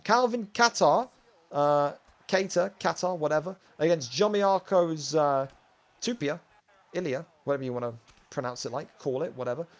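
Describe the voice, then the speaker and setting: A man with a slightly high voice calls an online fight, loose and chatty. He banters with his co-commentator and wanders between play-by-play and side remarks. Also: normal speed, highs cut off. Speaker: commentator and host. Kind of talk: video game fight commentary.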